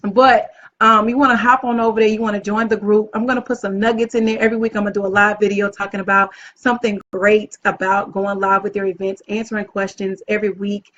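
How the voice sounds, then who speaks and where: A woman hosting a casual live video as an event planner, upbeat and chatty, often gushing about how excited she is. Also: mid-range voice, quick pace. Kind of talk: casual live-stream talk. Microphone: phone or webcam live stream. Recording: dull lo-fi live-stream audio.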